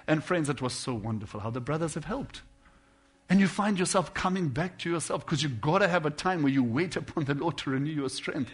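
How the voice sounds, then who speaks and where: A man preaching a sermon, earnest and personal, dropping to quiet intimate lines and then rising into loud, emphatic bursts. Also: on the high side, expressive, a little fast, breathy edge.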